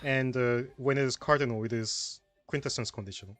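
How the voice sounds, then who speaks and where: A man's voice: mid-range voice, brisk, a bit bright, no room sound, faint music behind. Hesitant man explaining puzzle mechanics. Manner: hesitant, restarts and fillers while explaining. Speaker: tournament stream co-commentator. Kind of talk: casual puzzle-solution commentary.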